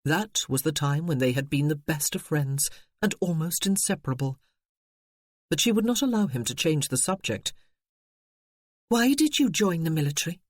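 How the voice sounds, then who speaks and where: Measured audiobook narrator, dry close sound. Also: mid-range voice, animated, no room sound. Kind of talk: scripted narration.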